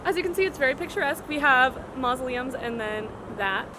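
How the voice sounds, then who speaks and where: A woman's voice: high voice, animated, a little fast. A woman hosting a travel vlog, chatting and joking in rambling banter while walking outdoors through city streets and a cemetery. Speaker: vlog host. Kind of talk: casual travel vlog chat. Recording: loud street noise.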